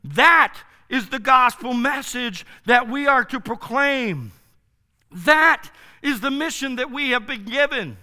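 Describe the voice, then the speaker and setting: A man preaching a sermon as pastor, slow and emphatic, stretching key words. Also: very high voice, expressive, sharp tone.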